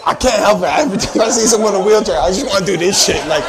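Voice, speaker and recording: A man doing stand-up crowd work on a comedy club stage, brash, swinging from shouts to mumbled asides. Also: sits high, very fast.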